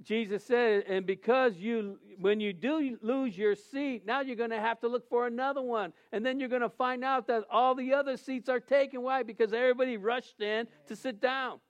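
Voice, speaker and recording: A man's voice: very high-pitched, fairly even intonation, normal speed, few pauses, muffled recording. A man who is a pastor, preaching a sermon and telling a funny personal story, acting out the dialogue and laughing often.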